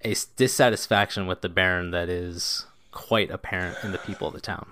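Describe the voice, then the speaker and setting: A man's voice: sits low, fairly even intonation, brisk, pushed and bright, slight background noise. A man narrating as game master of a tabletop game, in a loose, descriptive way with lots of casual filler words.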